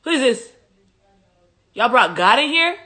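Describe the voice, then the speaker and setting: A woman voicing a startled, indignant male pagan idol god, who talks in loud slangy exclamations. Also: sits high, very animated, unhurried, voice pushed up, full character voice.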